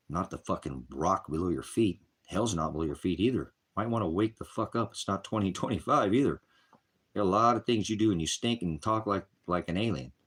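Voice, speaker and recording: A man delivers an informal, meandering sermon in a deep, husky voice. He is combative and swears freely, and he clears his throat often between points. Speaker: street preacher.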